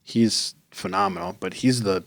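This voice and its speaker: Excitable joking man co-host. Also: fairly low pitch, normal speed. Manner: excitable, jokey, stumbles and restarts. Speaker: podcast co-host. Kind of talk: casual chat.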